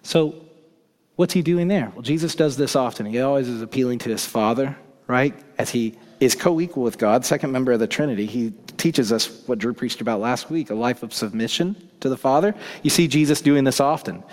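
A man preaching a sermon as pastor. His delivery is dynamic, swinging from hushed to emphatic. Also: medium pitch, a little fast. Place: church sanctuary. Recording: long reverb of a large church hall.

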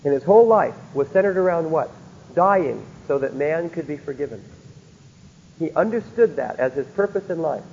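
A man's voice: fairly high pitch, animated, normal speed, darkish tone, slight background noise. A man teaching a Bible lecture, often stopping to ask his listeners rhetorical questions to check they follow. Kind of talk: recorded theology lecture. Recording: dull lo-fi recording in a reverberant hall.

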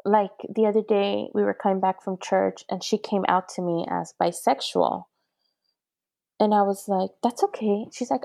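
A woman's voice: mid-range voice, normal speed, creaky, warm tone, dry recording, studio quality. A middle-aged woman and mother talking earnestly in a casual conversation, retelling talks with her daughter. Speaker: guest, mother.

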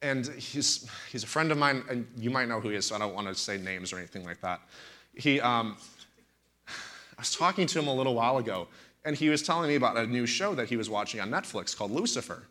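Bright-voiced preaching man. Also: mid-range voice, quick pace. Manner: animated storytelling, emphatic and indignant. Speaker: pastor. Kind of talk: preaching on a talk show.

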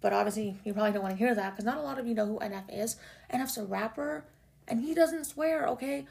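A young woman chatting casually as a music vlogger, gushing like an excited fan. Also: fairly high pitch, fast, gravelly. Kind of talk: casual chat.

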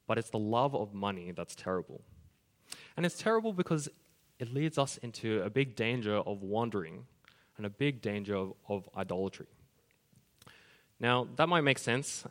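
Man, preacher, earnest sermon, plain everyday pitch, echoing church hall. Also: fairly bright tone. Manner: earnest, explaining scripture step by step.

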